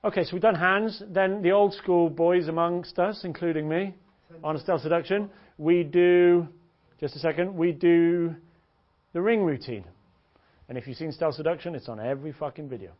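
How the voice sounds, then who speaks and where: A man's voice: a little high, moderate pace. Joking man teaching a seminar. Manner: animated, joking, swears, laughs often. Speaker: dating coach. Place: seminar room. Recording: dull lo-fi recording.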